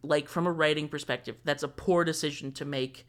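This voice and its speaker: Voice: mid-range voice, steady tone, brisk. A young adult reviewer, a guest on a podcast, explaining opinions in a thoughtful, casual way. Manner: thoughtful, explanatory, with frequent fillers. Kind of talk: casual fan discussion.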